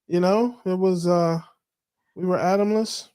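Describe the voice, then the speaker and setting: A man's voice: high voice, fairly even intonation, measured pace, mellow, smooth. A man co-hosting a live diet chat show over a video call, joking, teasing and laughing often. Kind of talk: casual live-stream chat.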